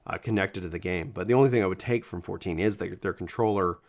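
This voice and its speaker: A gaming video creator talks casually to his viewers on camera, rambling and correcting himself with enthusiasm. His voice sits low and moves at a quick pace, cracking now and then.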